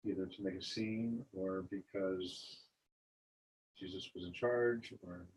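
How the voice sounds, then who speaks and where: A man's voice: low voice, steady tone, slow pace, a little mellow, low-quality recording. A man in a Bible study group, sharing his thoughts in a thoughtful, plain-spoken way.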